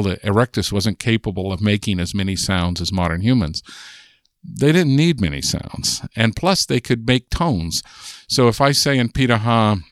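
An older American linguist, appearing as a guest on a podcast interview, explains ideas in a thoughtful, chatty way, often restarting his sentences. His voice is lowish, and the studio recording is clean with no room sound.

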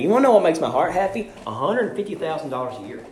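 A young man preaching a sermon in a church, fervent, shouting his refrains and swinging his voice from high to low. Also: very animated, normal speed, pauses often, reverberant. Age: young adult.

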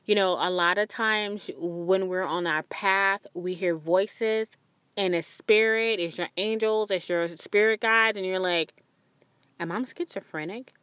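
A woman's voice: steady tone, measured pace, fairly bright tone, clear, resonant tone, no room sound. A young woman hosting a spiritual podcast, talking in an earnest, rambling, confiding way. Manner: acts out quoted voices with sudden high pitch jumps. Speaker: podcast host.

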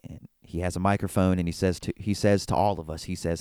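A man's voice: deep voice, steady tone, fairly quick, hardly any pauses, warm tone, smooth, dry recording, studio quality. A man hosting a solo wrestling talk show, recapping an event in an enthusiastic, rambling way with frequent restarts. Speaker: wrestling podcast host. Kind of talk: casual solo commentary.

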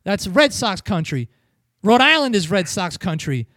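A man's voice: high-pitched, very animated, measured pace, a bit bright, no echo, studio quality. A man from New England ranting profanely as a podcast host in a casual wrestling review chat.

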